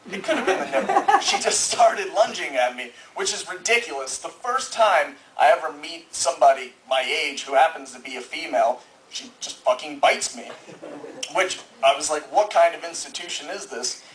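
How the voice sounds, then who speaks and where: A man's voice: a little high, fairly bright tone, slight background noise. Nervous young man doing open mic stand-up. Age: young adult. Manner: nervous, rambling, laughs at own jokes. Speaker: stand-up comedian. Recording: echoey room, mic heard from far.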